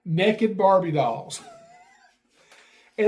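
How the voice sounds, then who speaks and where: A middle-aged man hosting a podcast, telling a family story in a lively way and acting out what people said. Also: high voice, moderate pace. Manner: animated, acts out quotes with raised voice. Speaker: podcast host. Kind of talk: casual storytelling.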